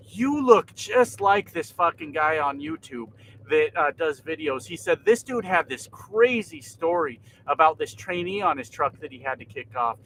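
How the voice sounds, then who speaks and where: Bright-voiced swearing trucker man. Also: fairly high pitch, slight background noise, poor audio. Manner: laid-back, swears often, laughs a lot. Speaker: trucker vlogger. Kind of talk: casual livestream chat. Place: inside a truck cab.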